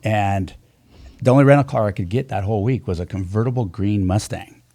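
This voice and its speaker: A man telling a story as a guest racing driver in a casual chat, animated and acting out other people's lines. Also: on the low side, a little fast, no room sound.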